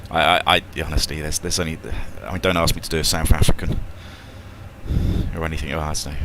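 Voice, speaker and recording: A man's voice: a bass voice, level tone, a little fast, background noise. A British man, an airline pilot, chatting and joking casually over voice chat while running checklists aloud, with mild swearing. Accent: British English. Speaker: airline pilot streaming a flight simulator.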